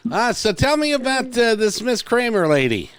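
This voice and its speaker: Lively, joking male interview host. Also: very high-pitched, moderate pace, clean tone, no room sound, studio quality. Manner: joking, rambling with many fillers. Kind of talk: casual interview chat.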